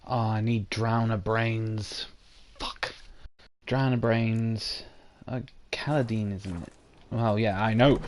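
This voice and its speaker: A man's voice: fairly low pitch, level tone, unhurried, a little mellow. A young British man giving casual, sarcastic let's-play commentary and swearing as he plays. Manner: sarcastic, swears, talks to himself. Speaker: gamer commentating his playthrough.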